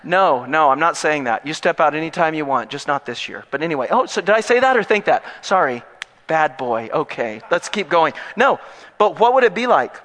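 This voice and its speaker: Animated preacher in a reverberant hall. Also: male voice, a little high, a little fast. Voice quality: animated and joking, with wide swings between loud and hushed. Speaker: pastor. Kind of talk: sermon.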